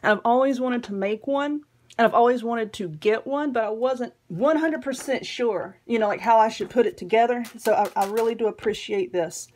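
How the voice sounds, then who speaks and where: A woman's voice: on the high side, normal speed, a little mellow, slight background noise. A woman with a Southern US accent, chatting casually and rambling while showing her mail, often giggling. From Southern United States. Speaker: vlogger.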